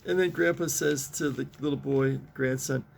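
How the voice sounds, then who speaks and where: A man's voice: mid-range voice, fairly even intonation, moderate pace, creaky, slight background noise. A man in his seventies reading comic strips aloud in a casual, rambling way, chuckling often and restarting his sentences. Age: 70s. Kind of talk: casual chat.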